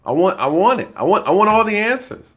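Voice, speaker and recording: A man who is a former law enforcement officer gives casual true-crime commentary. He is animated, laughs often, keeps addressing his viewers and acts out possible scenarios. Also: high voice, fast.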